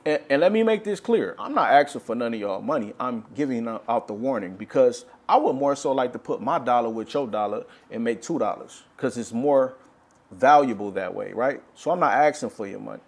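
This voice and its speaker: A man's voice: mid-range voice, lively intonation, fairly quick. Frustrated man preaching with urgency. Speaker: religious speaker. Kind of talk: impassioned religious monologue.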